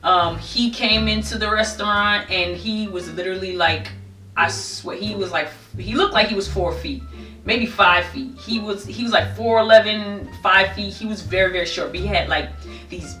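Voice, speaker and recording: A young woman telling a casual storytime, animated, bursting into high squeals when she quotes herself. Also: normal speed, far from the mic. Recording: echoey room, voice a bit off-mic, faint music behind.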